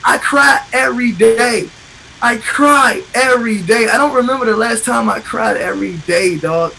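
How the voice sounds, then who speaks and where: A man's voice: very high-pitched, moderate pace, vocal fry, bright, forceful tone, a little hiss or hum, poor audio. A man talking in an emotional, profane casual chat as a podcast host, passionate and repetitive.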